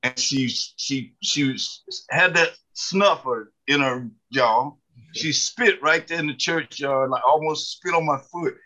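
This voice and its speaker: A man's voice: on the high side, slow pace, pushed and bright, rough recording. A man in his seventies from the mountains of the American South, telling folksy, humorous stories as an interview guest. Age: 70s. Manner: folksy, humorous, many fillers. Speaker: author and guest. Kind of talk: storytelling interview.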